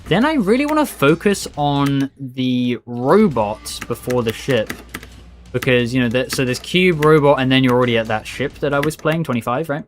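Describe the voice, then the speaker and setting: A man's voice: mid-range voice, lively intonation, moderate pace, soft background music. A man streaming a game, talking to himself and his chat in a rambling, casual way and calling people "bro". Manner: chatty, rambling, says "bro" a lot. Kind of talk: live gameplay commentary.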